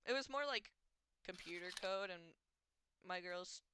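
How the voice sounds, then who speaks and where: A woman's voice: on the low side, unhurried, pushed and bright, a little hiss or hum. Chatty giggly woman streamer. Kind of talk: casual game-stream chat. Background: game music.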